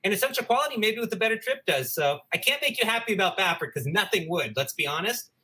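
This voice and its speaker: High, very bright, lively man. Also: fast. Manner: upbeat, persuasive, making points. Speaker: podcast co-host. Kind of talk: casual analysis chat.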